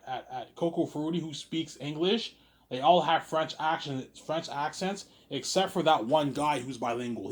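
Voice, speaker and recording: Guy from quebec just rambling on his stream, voice a bit high, lots of stammering and restarts. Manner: repetitive, stammering restarts, keeps saying "obviously". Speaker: livestream host reading viewer questions. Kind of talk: rambling casual monologue.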